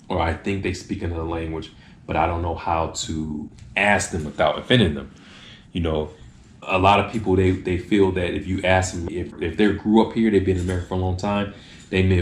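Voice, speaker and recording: A man with a very low voice talks casually to the camera, sharing tips and now and then acting out a short exchange. The room is echoey, with a faint hiss under the voice. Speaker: video host giving tips.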